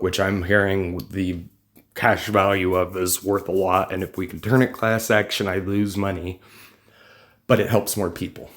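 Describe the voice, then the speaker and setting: A man ranting in a political vlog, combative and mocking, loose and rambling with some swearing. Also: low voice. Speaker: vlogger.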